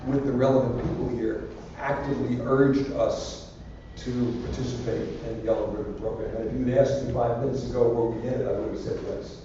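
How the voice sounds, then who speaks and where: A man's voice: medium pitch, fairly even intonation, fairly quick, few pauses, warm tone, a little hiss or hum. Older man joking in an echoey hall. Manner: rambling, anecdotal, joking. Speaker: university president answering student questions. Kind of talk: casual public Q&A. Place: large lecture hall. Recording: echoey hall from far off, dull and lo-fi.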